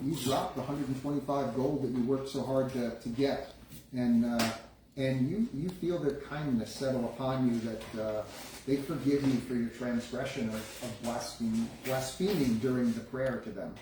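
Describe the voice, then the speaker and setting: A man narrating as game master of a live tabletop session, with halting, descriptive speech and frequent restarts. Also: mid-range voice. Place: room around a gaming table. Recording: echoey room, distant mic, faint noise.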